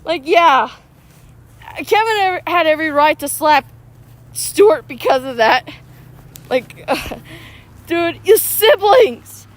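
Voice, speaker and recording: High-voiced excitable woman streamer. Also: slow pace, pauses often. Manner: excitable, argues back at chat. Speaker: mobile game streamer. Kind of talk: casual chat with viewers while playing. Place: outdoors, walking.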